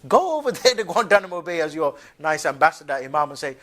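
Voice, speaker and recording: Guy with a higher voice lecturing a class on religion, slangy and casual, keeps saying "yeah?", mocking little laughs. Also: animated, fast talker, a bit bright. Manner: conversational, colloquial, keeps asking "yeah?"; mocking asides with short laughs.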